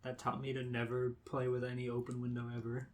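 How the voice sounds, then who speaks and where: A man's voice: medium pitch, completely flat delivery, fast talker, slight background noise. A man hosting a casual podcast chat, playful and joking, often breaking into laughs. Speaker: podcast host.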